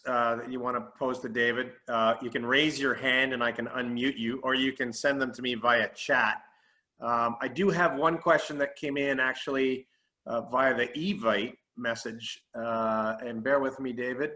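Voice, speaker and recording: A man hosting and moderating a Q&A over a video call, relaxed and hesitant with many fillers. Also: medium pitch, a little slow. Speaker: event host and moderator.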